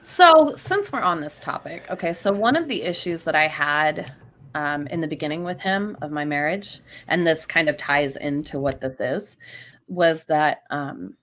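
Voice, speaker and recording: A woman with a lower-pitched voice co-hosts a casual podcast. She is blunt and frank and swears freely. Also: lively intonation, moderate pace, a bit bright. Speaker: podcast co-host.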